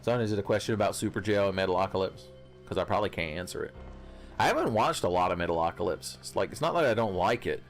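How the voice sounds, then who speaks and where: A man's voice: deep voice, expressive, fast talker, soft background music. A young man casually commenting on a video game as he plays, swearing and joking with his chat and laughing often. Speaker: streamer.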